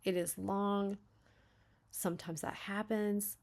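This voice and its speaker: Woman beta reader, vocal fry, chatty, reads aloud and critiques a draft with talky asides. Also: medium pitch, takes it slowly. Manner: thinks aloud, chatty and self-interrupting; reacts with loud, lively asides. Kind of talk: reading a manuscript aloud and critiquing it.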